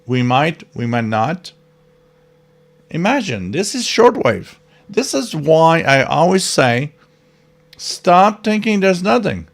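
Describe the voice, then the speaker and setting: A man hosting a live radio stream, chatting with viewers in an enthusiastic, emphatic way. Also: fairly high pitch. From North America. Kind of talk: casual live-stream chat.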